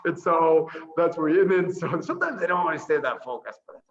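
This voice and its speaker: A man who is a priest and orphanage director, chatting casually over a video call, animated and laughing often as he tells stories. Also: fairly high pitch, brisk, dull audio, a crowd in the background. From Boston area. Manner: laughing often, animated storytelling with voiced asides.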